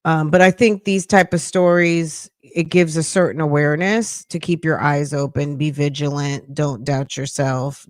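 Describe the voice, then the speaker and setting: A woman's voice: deep voice, creaky, no room sound. A woman podcast host in casual livestream commentary, sassy and emphatic as she fires off rhetorical questions. She takes her time and draws her words out. The voice sits close and dry, with no room sound around it.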